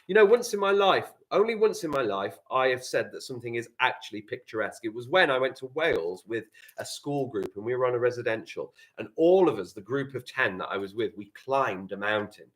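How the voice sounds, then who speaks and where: A man's voice: medium pitch, expressive, fairly quick, fairly bright tone. A male primary school teacher, giving a live online writing lesson, reading example sentences aloud and explaining them step by step.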